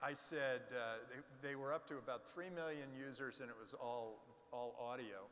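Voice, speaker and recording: A man, a venture capitalist, telling animated stories in an onstage fireside chat and acting out the quotes. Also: mid-range voice. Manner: animated anecdotes with acted-out quotes. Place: conference stage. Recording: reverberant hall.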